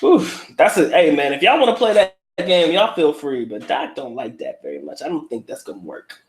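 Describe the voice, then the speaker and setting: A man's voice: a little high, sing-song, moderate pace, slight background noise. Blunt, profane man host chatting live. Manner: profane, blunt, laughing, street slang. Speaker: livestream host reading viewer comments. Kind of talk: casual livestream chat.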